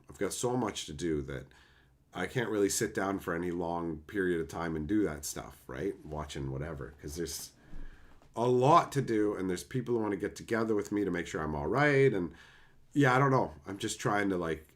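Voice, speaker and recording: A man chatting casually on a livestream and answering chat, animated and swearing freely in loose run-on asides. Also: sits low. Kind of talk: casual live-stream chat.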